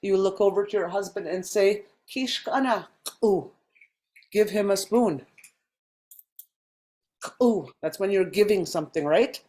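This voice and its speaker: A woman teaching a language class over a video call, explaining step by step with frequent pauses and ums. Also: mid-range voice, warm tone.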